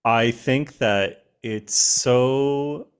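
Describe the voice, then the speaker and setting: A male podcast host with a smooth, resonant voice. He speaks very slowly and answers his guest in a measured, sympathetic way. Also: medium pitch. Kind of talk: interview response.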